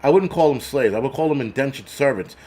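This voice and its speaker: A man's voice: mid-range voice, lively intonation, quick pace, mellow. A man hosting a livestream, ranting bluntly with heavy swearing and many restarts while thanking viewers for donations. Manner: blunt, heavily profane, repetitive restarts. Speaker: livestream host.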